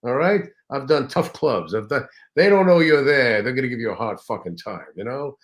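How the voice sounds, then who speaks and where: A man doing an impression of a brash, profane older male comedian, speaking higher and louder than his own voice, punchy and emphatic. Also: expressive, normal speed, natural voice. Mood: indignant.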